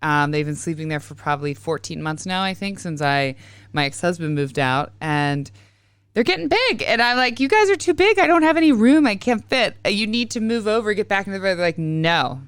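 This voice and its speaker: Woman, 30s, tired podcast host; rambling, self-interrupting chat; low, smooth voice, dry close sound. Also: fairly bright tone, no room sound. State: tired, yawning. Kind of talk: casual spiritual monologue.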